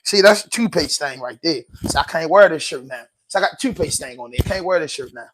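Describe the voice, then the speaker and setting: A man's voice: a little high, lively intonation, brisk, a bit bright, slight background noise. A man hosting a podcast livestream, rambling loosely in slangy, profane casual commentary. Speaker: podcast host.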